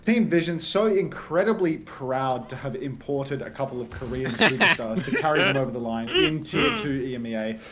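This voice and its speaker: A man's voice: medium pitch, lively intonation, normal speed, few pauses, very noisy. A man casting a live esports match, with dry, sardonic banter between plays. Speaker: esports caster.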